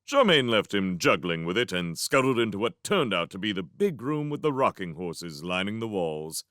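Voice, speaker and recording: A man reading a novel chapter aloud as a fan reading, narrating in an animated way. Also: lowish voice, moderate pace, no echo, clean studio sound. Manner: animated, voicing each character. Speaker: reader. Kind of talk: storybook narration.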